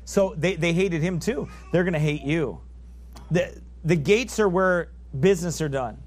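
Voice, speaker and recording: A man preaching a sermon, fervent and emphatic, swinging from loud peaks down to low asides and reading scripture in old biblical wording. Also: a little slow, faint music behind.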